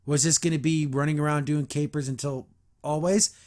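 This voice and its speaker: A man hosting a podcast, reviewing a cartoon episode in a rambling, animated way, acting out the characters as he retells it. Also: on the high side, brisk. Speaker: podcast host.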